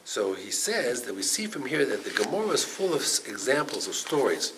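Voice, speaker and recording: A man's voice: mid-range voice, brisk, noisy background. An older man, a rabbi, teaching a Torah class, telling stories and acting out the voices in them, with Hebrew and Yiddish terms mixed in. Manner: animated storytelling, acts out quoted voices.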